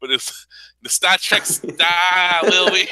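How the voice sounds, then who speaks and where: A man's voice: high voice, slow pace, pushed and bright, clean tone, dry recording, low-quality recording. A man hosting a podcast, talking in casual, profane, mocking chat and laughing often. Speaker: podcast host.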